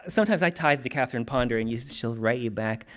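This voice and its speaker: A man giving an animated, humorous, conversational spiritual talk to a congregation. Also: mid-range voice, fast talker. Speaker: spiritual teacher.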